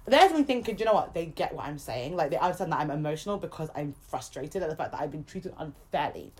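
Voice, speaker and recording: A young woman, co-hosting a podcast and telling a story in a casual, animated way, swearing freely and acting out other people's lines. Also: deep voice, quick pace. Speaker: podcast co-host.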